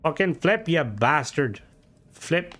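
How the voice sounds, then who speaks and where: A young man with an Irish accent streaming a game, chatting casually and reading comments aloud, joking and swearing, his voice jumping high when he gets worked up. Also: lively intonation, slow pace, a bit bright.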